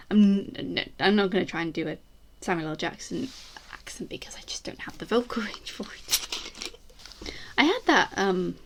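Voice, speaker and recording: A woman chatting casually as a YouTuber, rambling through self-deprecating asides. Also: medium pitch. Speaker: YouTuber ranking screen portrayals. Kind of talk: casual chat to camera.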